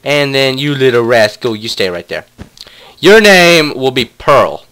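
A man's voice: medium pitch, lively intonation, a little slow, fairly bright tone, smooth. A young man casually commentating a block-building game, playfully talking to his pet wolves. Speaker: let's play gamer.

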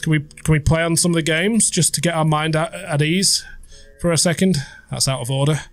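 A man's voice: on the high side, fairly even intonation, a little fast, fairly bright tone, no echo, soft background music. A young man playing a horror game on video, reacting with startled swearing and muttered comments. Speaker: gaming YouTuber.

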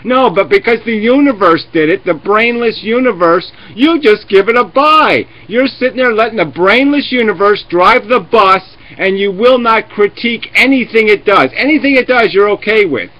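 A man's voice: high-pitched, expressive, moderate pace, few pauses, bright, forceful tone. A man hosting a live video chat, ranting and swearing sarcastically as he argues with callers. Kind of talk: heated live debate. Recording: lo-fi webcam stream audio.

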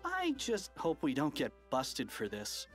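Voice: medium pitch, huge pitch swings, measured pace, faint music behind. A narrator voicing a nervous schoolboy worried about getting caught. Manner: worried, hesitant.

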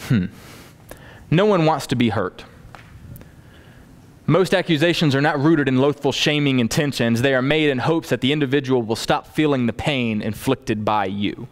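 A man's voice: mid-range voice, normal speed. A man preaching a sermon to a congregation, acting out everyday dialogue as he teaches. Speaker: pastor.

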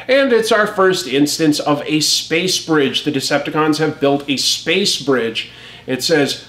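A man giving casual, wry commentary on a comic as a review host. His voice sits a little on the high side. The room adds a noticeable echo. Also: fairly bright tone.

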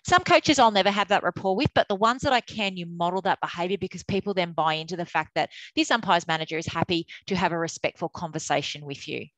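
A middle-aged woman, an umpires manager giving a candid, animated webinar talk. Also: fairly low pitch, fast, few pauses, no echo, poor audio. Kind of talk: webinar presentation.

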